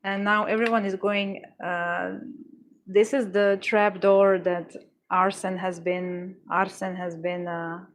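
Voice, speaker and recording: A woman running a casual art livestream, chatting with viewers in a rambling, playful way with deadpan jokes. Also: mid-range voice, takes it slowly, a little hiss or hum. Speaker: livestream artist. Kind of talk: casual livestream chat reading comments.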